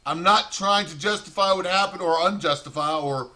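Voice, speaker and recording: A man's voice: sits high, normal speed, pushed and bright. A man telling a rambling, profane prison story in a casual monologue.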